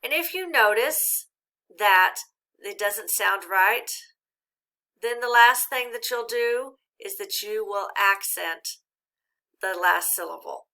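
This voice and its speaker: A woman teacher giving a recorded reading lesson, speaking slowly and clearly and encouraging young learners. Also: medium pitch, lively intonation, sharp tone.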